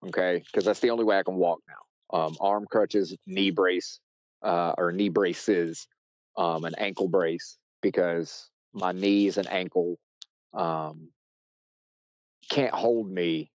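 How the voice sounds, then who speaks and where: An American man, a podcast guest, telling a story casually with many restarts and fillers, shouting loudly when he acts out quotes. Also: low voice, no echo, dull audio. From United States. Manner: rambling, with frequent restarts and fillers.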